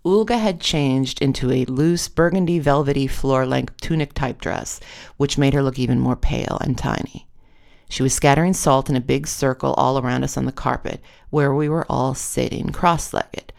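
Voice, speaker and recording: Wry audiobook narrator, gravelly tone. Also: medium pitch, normal speed. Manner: wry, self-deprecating. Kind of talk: comic memoir audiobook reading.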